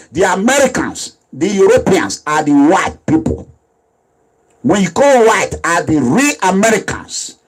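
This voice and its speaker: A man's voice: high voice, low-quality recording. A man giving emphatic, repetitive political video commentary, lecturing his viewers.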